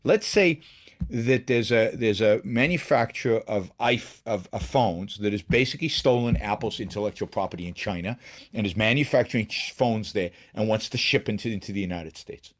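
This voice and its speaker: A middle-aged man with a fairly low voice and moderate pace hosts a solo political commentary show. He speaks emphatically, frequently restarting and repeating words.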